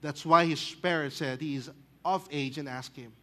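A Filipino-accented male pastor preaches with lively energy, jumping into loud exclamations as he acts out the story. His voice sits high for a man and rings bright and forceful. He slips between English and Tagalog as he talks. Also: moderate pace. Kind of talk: sermon.

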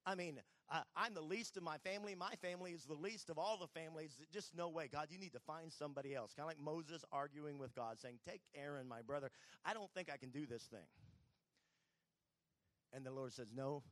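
A man's voice: fairly high pitch, a little fast, fairly bright tone. A man delivers a sermon in a slightly raised voice, retelling Bible stories and acting out the characters as he goes. The sound is dry and close, with no room echo. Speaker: preacher.

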